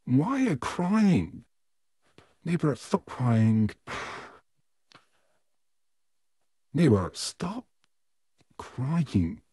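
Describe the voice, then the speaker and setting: A smug, menacing puppet villain, voiced by a man, in a fan-made audio role-play. His voice is dark and husky, with a slow, drawn-out delivery that swoops up and down theatrically. The recording is dry and close. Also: medium pitch, sing-song, no echo, exaggerated voice. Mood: flustered. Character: evil male puppet neighbor, smug, menacing, easily flustered.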